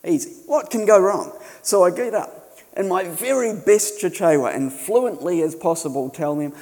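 A middle-aged man from New Zealand giving a sermon in a relaxed, storytelling way, with touches of self-deprecating humour. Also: high-pitched, moderate pace. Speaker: missionary preacher. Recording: long church reverb.

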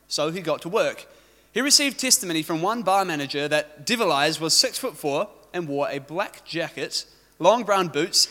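A man's voice: fairly high pitch, bright, forceful tone. A man preaching a sermon, opening with a prayer and telling a story with joking asides. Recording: echoey hall reverb.

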